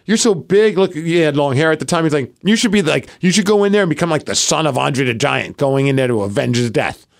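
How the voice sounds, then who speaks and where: A man with a slightly higher-than-usual voice, co-hosting a podcast in an easygoing conversation. He tells stories in an animated way, acting out who said what. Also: quick pace, creaky. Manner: animated storyteller, acts out quoted dialogue. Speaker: podcast co-host. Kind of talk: casual chat.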